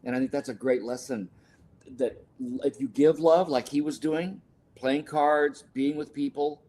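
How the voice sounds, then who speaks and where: A man's voice: fairly high pitch, fairly even intonation, unhurried, warm tone. An older man telling a personal story in a podcast interview, earnest and emotional, now and then correcting himself. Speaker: guest, sports scientist and author.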